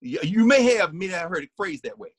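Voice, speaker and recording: A husky-voiced man lectures in an animated, conversational way, his pitch swinging widely as he goes. He restarts sentences often and breaks into hummed or sung snippets. The sound is dry and close. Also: fast, no echo. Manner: lively, restarts often, hums and sings snippets. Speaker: guest lecturer.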